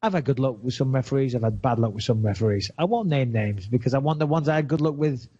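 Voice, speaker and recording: A man's voice: medium pitch, quick pace, slightly rough. Swearing Lancashire man, dull lo-fi sound. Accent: Lancashire English. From England. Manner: blunt, swears freely, animated retelling. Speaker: podcast host. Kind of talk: casual podcast chat.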